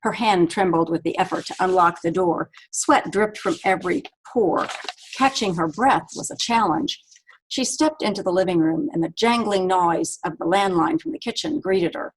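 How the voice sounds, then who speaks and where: A woman author reading aloud from her own novel in a steady, measured way. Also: lowish voice, a little hiss or hum, rough recording.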